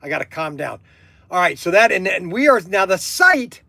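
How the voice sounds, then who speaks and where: A man from Ohio, hosting a livestream, talking excitedly and stammering with gushing enthusiasm. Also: sits high, normal speed, creaky, dry recording. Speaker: livestream host. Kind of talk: casual phone chat. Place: workshop.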